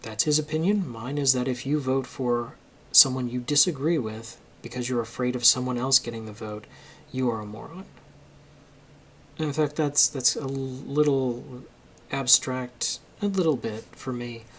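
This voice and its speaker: A man's voice: mid-range voice, unhurried, a little hiss or hum. A man giving a casual, emphatic opinion monologue for his video channel, getting worked up as he argues his point. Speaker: political commentary vlogger.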